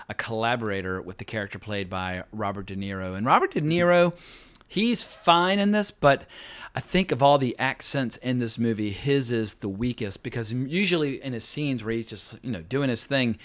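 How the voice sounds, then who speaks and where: A man reviewing a film in a loose, conversational way, blunt about what he thinks. He talks at a middle pitch for a man, often circling back with fillers and restarts. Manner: candid, chatty, frequent fillers and restarts. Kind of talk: casual spoken film review.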